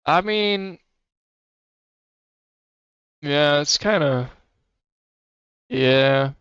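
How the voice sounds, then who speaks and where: A man's voice: fairly high pitch, expressive, extremely slow, a bit bright, clear, resonant tone, dry recording. A man streaming, chatting casually and rambling with frequent swearing and laughter. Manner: rambling and profane, laughs often. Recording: slightly muffled dry mic.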